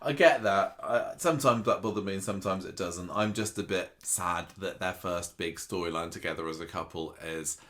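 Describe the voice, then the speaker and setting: A man's voice: sits low, moderate pace, few pauses, a bit bright. A man co-hosting a casual chat, restarting often and acting out characters' lines. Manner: chatty, stumbles and restarts, acts out characters' lines. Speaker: podcast co-host. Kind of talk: casual chat reviewing a soap.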